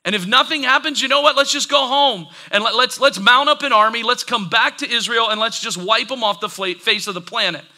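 A man's voice: very high voice, fairly quick, hardly any pauses, pushed and bright, voice pushed up, heavily acted. A man voicing loyal attendants who coax and urge their master on. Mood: urging. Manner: coaxing, then fired up.

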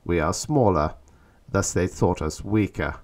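A man's voice: low voice, unhurried, a little mellow. A man voicing a proud menacing alien warrior. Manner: cold, boastful, menacing. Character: proud cunning alien male warrior leader.

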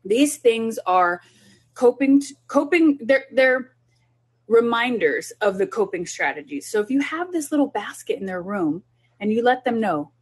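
A woman's voice: on the high side, expressive, a little slow, slightly rough. A woman who is a child development specialist, talking parents through a group session in an earnest, instructive way.

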